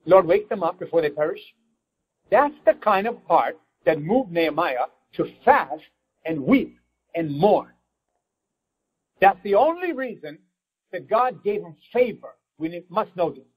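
A man's voice: high-pitched, big pitch swings, a little slow, slightly rough, rough recording. A man preaching a fervent sermon as pastor, breaking into prayer addressed to God.

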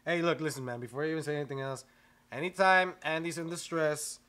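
A young man joins a casual podcast chat, tossing in wisecracks and curses as he tells his side of the story. His voice sits high, with a bright, sharp edge. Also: fast talker. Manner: jokey, chimes in with wisecracks, swears. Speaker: podcast co-host, band member.

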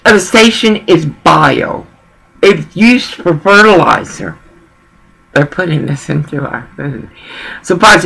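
A woman's voice: on the low side, vocal fry, fairly bright tone, poor audio. A woman talking in a rambling personal monologue, emotional and digressive, often repeating herself.

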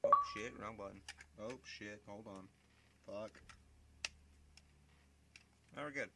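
A man doing let's play commentary, swearing often and reacting excitedly. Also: on the low side, slow, creaky. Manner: profane, excitable. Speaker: gameplay commentator. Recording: voice over loud game gunfire noise.

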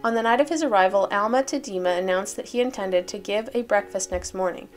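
A woman reads old newspaper stories aloud, then drifts into chatty asides where she thinks out loud. Her pitch sits in an ordinary middle range, and faint music plays quietly underneath. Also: fast, hardly any pauses. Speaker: reader of old newspaper articles. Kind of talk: casual reading with chatty asides.

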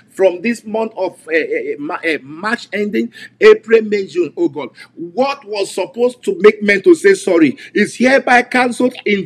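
A man's voice: high-pitched, slightly rough. A man preaching and leading an online prayer session, fervently repeating declarations. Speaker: pastor.

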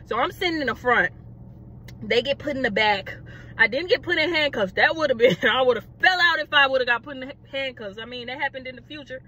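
Brief: young woman, high and bright voice, dramatic, animated storytime delivery. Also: brisk. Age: young adult. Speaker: vlogger. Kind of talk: casual storytime.

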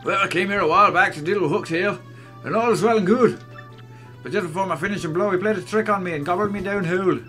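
A man's voice: on the high side, lively intonation, moderate pace, pushed and bright, soft background music, pitched above the performer's own voice. A man doing a hearty old Scottish-sounding turtle dad. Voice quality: put-on Scottish accent. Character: elderly male turtle father, cheerful and folksy.

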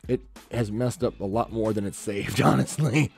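Chatty low-voiced man streaming his art. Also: moderate pace, gravelly, faint music behind. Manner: rambling, chatty, talks to stream chat, mutters to himself. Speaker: artist livestreaming a drawing session. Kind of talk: casual chat while drawing.

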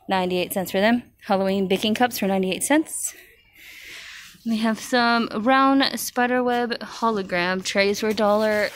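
A woman's voice: a little high, a little hiss or hum. A woman narrating a casual walkthrough of store shelves, reading out prices and cooing over cute items. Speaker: shopping vlogger. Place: large retail store aisle.

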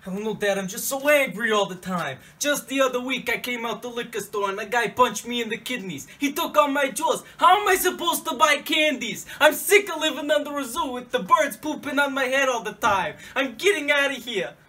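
A man playing a fed-up young adult son leaving home in a comedy sketch, talking deadpan and sulky with bursts of shouting. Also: very high-pitched, a little fast, hardly any pauses, exaggerated voice. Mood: angry.

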